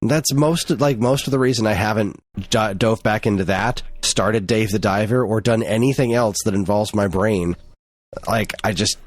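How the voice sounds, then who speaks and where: A man's voice: lowish voice, moderate pace, dry recording. A man co-hosting a podcast in casual chat, often restarting his sentences. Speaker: podcast co-host.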